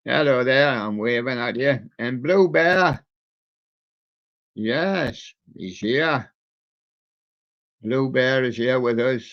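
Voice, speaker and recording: A man hosting a casual radio show, chatting playfully with the soft toys in his studio. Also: mid-range voice, animated, slow, long pauses. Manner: chatty, playful, talks to soft toys and does their voices. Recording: dull lo-fi sound.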